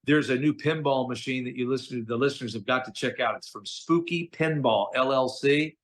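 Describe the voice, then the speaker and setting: A middle-aged man tells stories as a guest in a relaxed interview, at a pitch that is neither high nor low. He talks in an animated, chatty way and drops casual slang as he goes. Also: brisk. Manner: animated, chatty storyteller, slangy with "dude" and "okay?". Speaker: voice actor guest.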